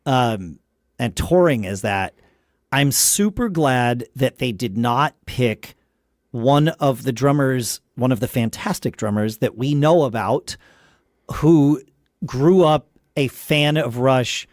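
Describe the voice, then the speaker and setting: A man's voice: medium pitch, animated, slow, a little mellow, dry recording, studio quality. A man hosting a casual podcast conversation, thinking aloud with frequent restarts and tangents. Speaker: podcast host.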